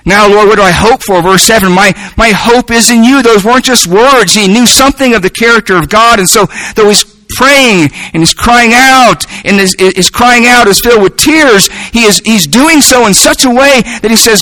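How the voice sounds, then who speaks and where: A male preacher with a high, bright voice delivers a sermon earnestly, circling back over his words as he builds each point. The sound is close and dry. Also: normal speed, few pauses, dry recording, poor audio.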